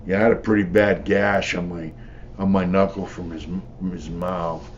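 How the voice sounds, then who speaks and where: A man's voice: sits low, fairly even intonation, normal speed, highs cut off, slight background noise. Blunt, profane older man telling stories. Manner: blunt, profane, rambling with frequent "you know". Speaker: former prisoner telling stories. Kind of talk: casual storytelling.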